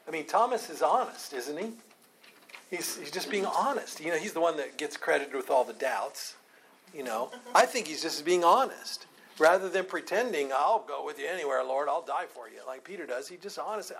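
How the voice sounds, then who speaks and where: A man's voice: fairly high pitch, expressive, brisk, vocal fry, fairly bright tone, slightly rough. A man leading a Bible study, explaining Scripture in a conversational way and often asking rhetorical questions.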